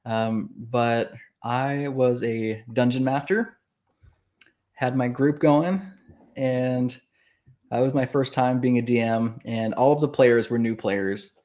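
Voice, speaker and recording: A man, an author guest in a casual interview, telling stories in an animated way and acting out the reactions he quotes. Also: mid-range voice, slow.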